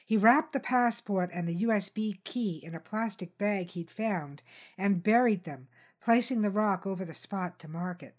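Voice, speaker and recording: A woman reading a tense crime novel aloud in steady, dramatic scripted narration. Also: medium pitch, normal speed. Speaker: audiobook narrator.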